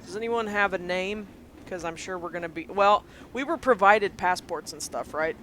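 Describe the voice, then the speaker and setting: A woman chatting casually as a player in a tabletop game, laughing often and breaking into quick asides. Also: lowish voice, fairly bright tone, a little hiss or hum.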